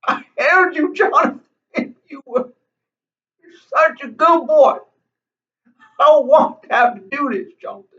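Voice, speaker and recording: A man's voice: very high voice, pushed and bright, distant mic, muffled recording, full character voice. A man doing a comedic impression of an older male TV preacher, with a whiny, pleading drawl that repeats names over and over.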